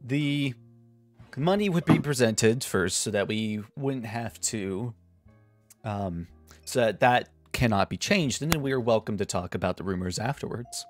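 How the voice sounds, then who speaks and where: A man's voice: mid-range voice, lively intonation, a little slow, soft background music, close to an everyday voice. Man voicing a shrewd, amused male commander.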